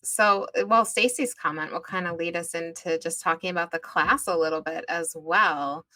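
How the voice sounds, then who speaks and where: Bright-voiced woman hosting a podcast. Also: fairly low pitch, normal speed, slight background noise. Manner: chatty, affirming, many fillers. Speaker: podcast host. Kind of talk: casual podcast chat.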